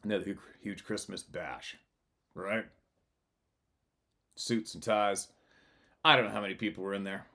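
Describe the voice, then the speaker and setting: A man's voice: lowish voice, fairly even intonation, normal speed, pauses often, pushed and bright. A man hosting his channel, telling a rambling personal story in a blunt, profane way. He laughs often and keeps restarting his sentences. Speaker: channel host. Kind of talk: casual storytelling monologue.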